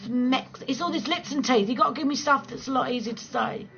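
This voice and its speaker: A woman, hosting a late-night livestream chat from home. Her voice sits fairly high, and she swears, banters and laughs her way through. The stream audio is a little dull and lo-fi, with a faint hiss underneath. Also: brisk, gravelly, fairly bright tone. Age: 40s. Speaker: livestream host chatting with viewers.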